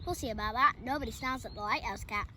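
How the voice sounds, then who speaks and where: A woman's voice: on the high side, fast talker. A woman voicing a plump, proud, grumpy male ginger cat in a storybook reading, with an indignant manner. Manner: huffy and indignant. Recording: loud background noise.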